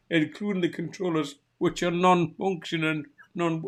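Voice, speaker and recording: A man's voice: mid-range voice, lively intonation, moderate pace. A man with a Geordie accent, co-hosting a podcast and grumbling in a casual chat, full of restarts and swearing. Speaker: podcast co-host.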